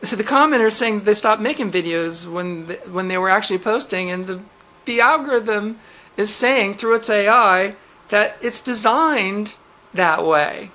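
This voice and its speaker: A woman hosting her own channel. She rants with exasperation, reads quoted text out flatly, and breaks into incredulous, swearing outbursts. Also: medium pitch, unhurried. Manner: reads out quotes flatly, then reacts sharply. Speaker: channel host. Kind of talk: ranting vlog commentary.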